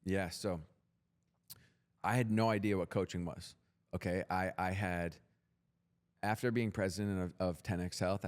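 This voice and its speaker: A young man as a podcast guest, telling his story in a blunt, profane, intense motivational way. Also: low-pitched. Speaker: guest entrepreneur.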